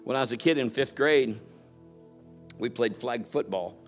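With faint music behind him, a middle-aged man preaches at a moderate pace in a mid-range voice. He's a pastor sharing family anecdotes, complete with playful mimicry and loud impressions.

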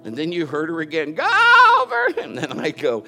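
Talking fast in a voice on the high side, a middle-aged pastor preaches over soft background music. He recounts family stories, mimicking relatives playfully and doing loud impressions.

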